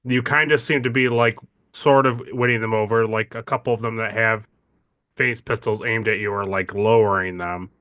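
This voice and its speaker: A man's voice: lowish voice, steady tone, moderate pace, a bit bright, dry recording. A man running a tabletop game as game master, narrating casually and hedging with "like" and "kind of".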